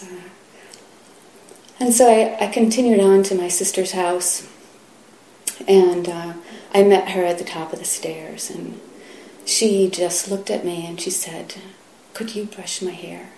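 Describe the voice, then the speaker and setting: A middle-aged woman giving a Zen dharma talk, soft and halting, often sinking to a whisper. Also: mid-range voice, fairly even intonation, slight background noise. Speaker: Zen teacher. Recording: roomy hall echo, faint ambience.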